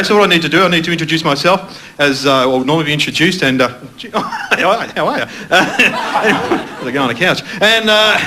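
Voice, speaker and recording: Brief: chatty Australian male comedian working a studio crowd, higher voice, noisy recording. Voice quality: rambling, chatty, self-mocking, laughing at his own lines. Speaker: stand-up comedian. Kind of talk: stand-up comedy with crowd work. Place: TV studio stage with live audience.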